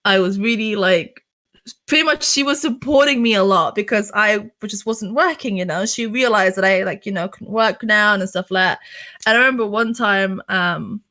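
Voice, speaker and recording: A woman's voice: mid-range voice, moderate pace, sharp tone. A young woman chatting casually in an interview, talking freely with lots of fillers and some swearing. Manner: chatty, filler-heavy and profane. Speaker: streamer being interviewed.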